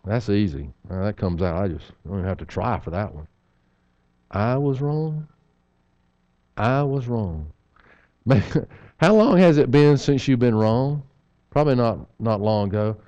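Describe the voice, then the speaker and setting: Man preaching with a smooth, resonant voice. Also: lowish voice, lively intonation, a little fast, warm tone, lo-fi sound. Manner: folksy, with rhetorical questions and humorous asides. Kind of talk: evening sermon. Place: church.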